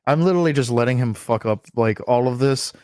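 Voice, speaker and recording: A man's voice: medium pitch, fast talker, a little mellow, no echo, clean studio sound. A man co-hosting a casual podcast chat, blunt and emphatic, with plenty of swearing. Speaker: podcast co-host.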